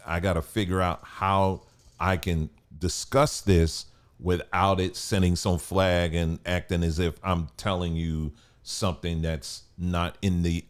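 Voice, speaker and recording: A man with a deep, low voice gives casual commentary to his viewers. He talks cautiously and haltingly, stopping often to restart a sentence or fill a pause. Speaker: channel host.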